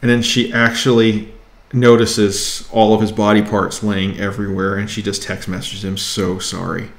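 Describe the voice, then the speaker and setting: A man casually reviewing his weekly comic haul, enthusiastic and excitable. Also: fairly low pitch, moderate pace, roomy sound.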